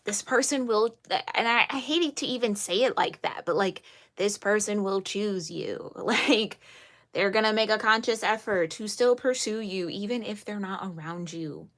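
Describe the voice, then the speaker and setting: A woman's voice: medium pitch, moderate pace, a bit bright. A woman giving a spoken tarot reading to her viewers. She is earnest and emphatic, scolds playfully, repeats phrases to reassure and laughs often. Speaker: tarot reader.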